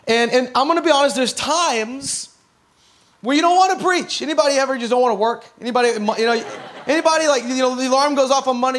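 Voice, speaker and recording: This thirties-aged pastor talks fast in a very high, fairly bright voice. He preaches conversationally and with emotion, laughing a lot throughout his church sermon.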